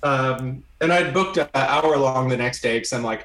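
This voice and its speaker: A man telling a personal story during a conversation, animated and often checking in with "right?". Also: mid-range voice, moderate pace. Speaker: guest. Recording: roomy echo.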